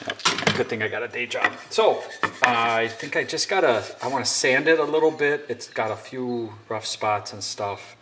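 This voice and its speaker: This young man's voice sits at medium pitch with lively intonation and a moderate pace. He's explaining a woodworking project in his home workshop in a casual, rambling way, cracking self-deprecating jokes. The recording is noisy, picking up sanding and clicking from the workshop.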